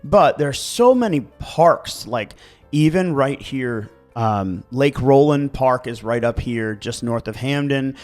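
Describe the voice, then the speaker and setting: A man with a Baltimore accent co-hosting a casual podcast chat, animated and quick to act out voices. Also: medium pitch, soft background music. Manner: animated, acts out dog voices. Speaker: podcast co-host.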